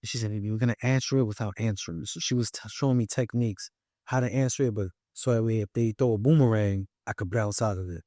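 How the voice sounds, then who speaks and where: A man's voice: fairly low pitch, quick pace, no echo, clean studio sound. A young man with a New York accent, telling his story as a podcast guest and acting out the voices of others. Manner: animated, acts out quoted voices. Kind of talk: casual storytelling.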